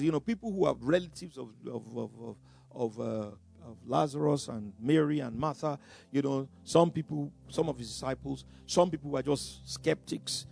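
Gravelly preacher with lively pitch. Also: male voice. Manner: dramatic, sudden loud bursts, chuckles between phrases, stumbles and repeats words. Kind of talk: sermon.

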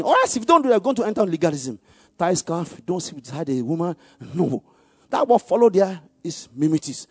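A man preaching, leading the congregation in call-and-response and rising to loud exclamations on key words. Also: high-pitched, brisk, slightly rough, no room sound, studio quality. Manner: animated call-and-response, leads the congregation to repeat verses. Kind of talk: sermon.

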